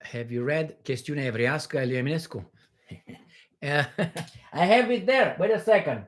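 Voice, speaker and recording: A man's voice: on the high side, animated, normal speed, pauses often. Profane, rambling man. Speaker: livestream host answering questions. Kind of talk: live Q&A monologue.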